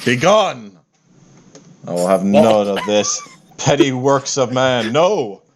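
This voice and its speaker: Man putting on a pompous villain god, boastful, grand and theatrical, middle-pitched voice, tabletop game. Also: big pitch swings, slow pace, a little hiss or hum.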